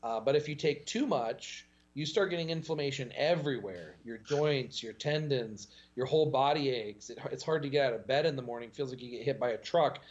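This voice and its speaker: A man talking as a podcast guest, in a casual, animated storytelling way. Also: a little fast, hardly any pauses, highs cut off. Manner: animated storytelling with pitch jumps and laughs.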